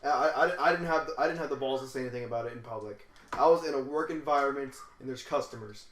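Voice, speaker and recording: A man with a medium-pitched, fairly bright voice talks quickly while hosting a late-night podcast. He tells stories casually, swearing a lot and stammering through restarts, and the room sounds echoey.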